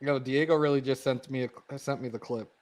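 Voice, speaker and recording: A man's voice: mid-range voice, fairly even intonation, fairly quick, darkish tone. A congested man co-hosting a live fan stream in loose, profane, joking banter. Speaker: co-host of live fan show. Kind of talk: casual live-stream chat.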